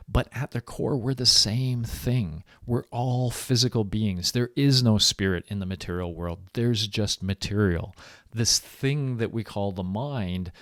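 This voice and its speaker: A man's voice: on the low side, measured pace, no room sound, clean studio sound. A man giving a recorded university lecture in a conversational, explaining way.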